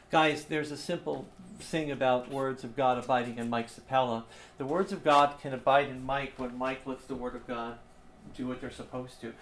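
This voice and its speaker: A male pastor delivering a sermon at a middling pitch, his voice swinging between forceful emphasis and near-whispered repetition. Faint noise sits under the recording. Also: roomy sound. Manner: impassioned, swings from loud emphatic to hushed and repeated.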